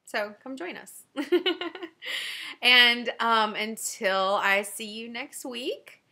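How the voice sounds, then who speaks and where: A woman in her forties with a Southern Louisiana accent, hosting a knitting video podcast in a fast, chatty way and laughing often. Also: fairly high pitch, pushed and bright. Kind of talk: casual chat to camera.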